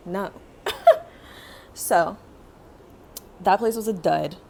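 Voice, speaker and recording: A young woman vlogger chatting casually as she tells a story, acting out quotes with lively, dramatic flair. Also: mid-range voice, fairly quick, a little hiss or hum. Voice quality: animated, dramatic retelling with acted-out quotes.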